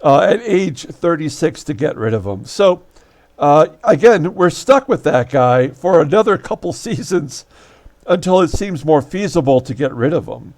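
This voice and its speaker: Chatty man hosting a tabletop baseball game. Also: moderate pace. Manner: chatty, wry, frequent fillers, animated pitch jumps. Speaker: channel host running a tabletop baseball replay. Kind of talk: casual solo commentary.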